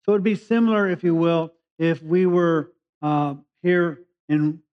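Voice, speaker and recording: A California pastor delivers a conversational sermon of Bible teaching, reading verses and then explaining them in plain language. His somewhat high voice is smooth and unhurried, stressing key words, though the recording sounds dull and lo-fi.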